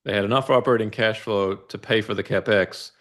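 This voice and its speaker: Guy with a lowish voice talking through finance charts, calm and methodical, keeps asking "right?". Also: brisk. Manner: explanatory, methodical, asks "right?" to check understanding. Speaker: investment analyst guest. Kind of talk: casual financial discussion walking through charts.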